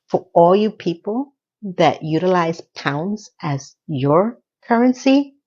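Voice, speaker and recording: A woman casually recapping a TV episode for her viewers, animated and playful, with asides to the audience. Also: mid-range voice, a little slow, slightly rough, dull audio. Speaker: TV recap vlogger.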